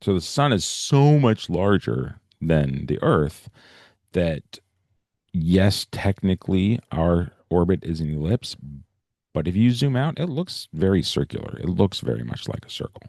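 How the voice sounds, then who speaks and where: A man's voice: low voice, very animated, measured pace, gravelly, darkish tone, dry recording, studio quality. A male teacher giving a casual, explanatory science lecture on a video call, often checking in with "right?" and "okay?". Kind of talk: online class lecture.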